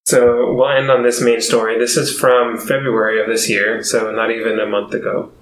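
A man's voice: medium pitch, level tone, moderate pace, echoey room, noisy background. A man hosting a casual comedy podcast, telling a story with lots of laughs and fillers. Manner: laughs often, rambling with fillers. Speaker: podcast host.

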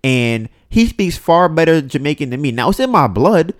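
A man's voice: on the high side, moderate pace. A man hosting a podcast, talking casually and ranting animatedly about things he has seen online. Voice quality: animated, ranting, mimics others in quotes. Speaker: podcast host. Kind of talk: casual opinion monologue.

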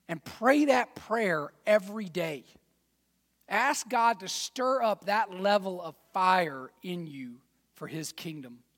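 A man preaching a sermon as pastor, folksy and direct, dropping to quiet asides and then rising to loud fired-up exhortation. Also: fairly high pitch, in a large hall. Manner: folksy, addresses congregation as y'all and man.

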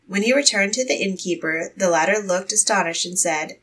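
A woman reading a fairy tale aloud in a measured storytelling manner. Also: medium pitch, a bit bright, slightly rough, far from the mic, rough recording.

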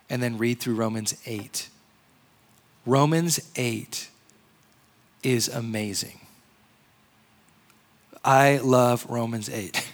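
A man preaching a casual, conversational sermon in an animated way, full of "like" and "you know.". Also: mid-range voice. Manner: conversational, animated, uses "like" a lot.

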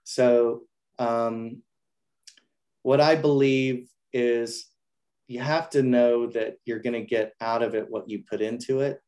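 A man's voice: mid-range voice, steady tone, slow pace, a little mellow. A man being interviewed, speaking earnestly and reflectively about his own learning, often restarting his sentences. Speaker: interview guest. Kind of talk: casual interview chat.

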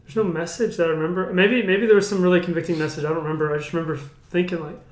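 A man's voice: fairly high pitch, very fast. A young man sharing his personal testimony in casual conversation, acting out his own past words as he tells it. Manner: animated storytelling, acts out his own past lines. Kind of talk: casual chat. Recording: roomy echo.

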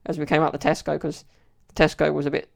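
A man's voice: a little high, completely flat delivery, fast talker, creaky. A man hosting a solo podcast, telling stories in a rambling, casual way with plenty of fillers. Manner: rambling storyteller, many fillers. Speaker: podcast host.

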